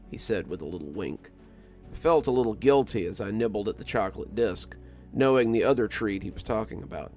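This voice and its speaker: Calm male story narrator. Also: on the low side, fairly quick. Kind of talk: scripted horror story narration. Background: soft music.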